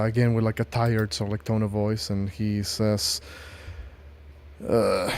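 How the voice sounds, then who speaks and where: A man describes scenes as game master of a tabletop game. He hesitates a lot and fills gaps with ums and uhs. His voice is mellow and dark. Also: mid-range voice, clear, resonant tone. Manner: hesitant, lots of fillers.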